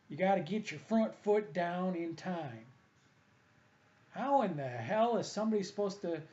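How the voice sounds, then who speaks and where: A man rants on about baseball coaching, combative and repetitive, in a fairly high but mellow voice. He hammers the same points again and again. The audio is dull and lo-fi. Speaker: hitting coach and columnist. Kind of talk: opinionated monologue.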